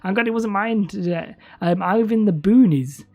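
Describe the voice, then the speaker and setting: A woman's voice: mid-range voice, a little fast, warm tone. A woman chatting casually on a live stream from home, rambling and laughing often as she talks.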